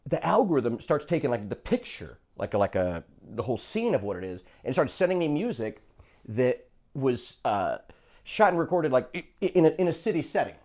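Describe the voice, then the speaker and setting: A man's voice: mid-range voice, sing-song, a little fast, a little mellow. Male comedy podcast co-host; loose, rambling storyteller who jumps into quoted voices. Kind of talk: casual comedic chat.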